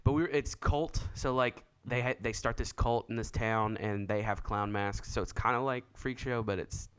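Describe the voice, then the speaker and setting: A man's voice: mid-range voice, steady tone, moderate pace, fairly bright tone, clear, resonant tone. Young man telling a story on a podcast. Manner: laughing storyteller, voices others in quotes. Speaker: podcast co-host. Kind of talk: casual chat.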